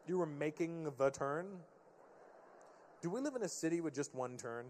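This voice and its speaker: A man in his fifties doing stand-up, teasing and riffing on the crowd in a fairly high voice. His words echo through a big reverberant hall. A faint room hum sits behind him. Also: expressive, a little mellow. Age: 50s. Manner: teasing, quick banter with audience. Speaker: stand-up comedian. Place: live comedy venue with audience.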